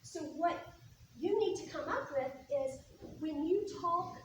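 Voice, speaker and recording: A woman with a high voice tells clinic stories to a support group, acting out the dialogue. She is miked from far off in a strongly echoing room. Faint background noise runs under her. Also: measured pace. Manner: lively storyteller who acts out quoted dialogue. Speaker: speech therapist presenting to a support group. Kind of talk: informal presentation with anecdotes. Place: meeting room.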